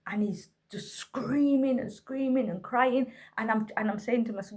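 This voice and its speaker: In a husky, somewhat dark voice of medium pitch and normal speed, a woman talks to camera about a difficult night with her autistic son. She's a single mother, worn out and weary, and her candid retelling in this emotional vlog edges toward tears.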